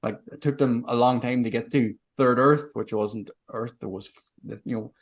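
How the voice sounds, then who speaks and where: A man's voice: mid-range voice, normal speed. A man co-hosting a podcast in casual chat, rambling and swearing freely as he explains. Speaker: podcast co-host.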